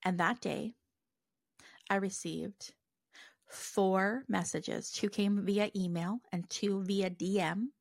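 Woman, solo podcast host, conversational and full of fillers, middle pitch, dry close recording. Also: fairly even intonation, takes it slowly, vocal fry, no room sound. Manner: conversational, many fillers and restarts. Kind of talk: casual solo podcast monologue.

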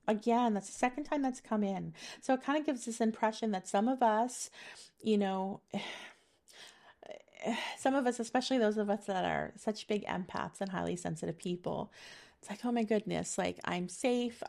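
A middle-aged woman with a medium-pitched, slightly mellow voice gives a casual monthly energy reading as a spiritual reader. Intuitive and chatty, she wanders from point to point with many fillers and laughs easily.

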